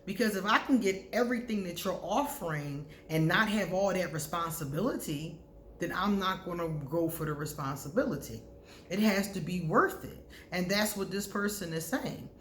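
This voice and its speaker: Chatty woman vlogger, frank advice, laughs loud, echoey room. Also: on the low side, lively intonation, moderate pace, slight background noise. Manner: candid, conversational, bursts of loud laughter. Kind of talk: casual advice talk to camera.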